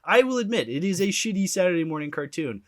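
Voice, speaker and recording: A young adult man hosting a podcast, chatting casually in an animated, easygoing way. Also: high voice, no room sound, studio quality. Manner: chatty, animated, quick to laugh. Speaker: podcast host. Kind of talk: casual chat.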